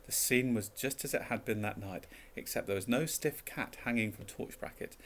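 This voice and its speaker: Low guy reading a story aloud, calm and even, faint hiss under it. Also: normal speed. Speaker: narrator.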